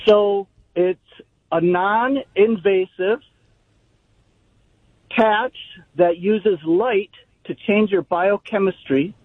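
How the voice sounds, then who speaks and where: A man's voice: sits high, extremely slow, long pauses, no room sound. A man calling in to a radio show, joking and upbeat. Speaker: caller. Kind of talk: call-in chat. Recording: thin phone line.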